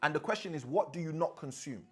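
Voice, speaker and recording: A man's voice: a little high, animated, fast, a bit bright. A man, a father of six, leading an interactive teaching session and asking his audience questions. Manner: asks the audience questions often.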